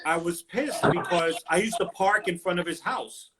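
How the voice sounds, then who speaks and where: A man's voice: sits high, moderate pace, a crowd in the background. A man hosting a casual livestream chat, telling a profane story and acting out the quotes with lots of energy. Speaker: host. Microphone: livestream phone mic.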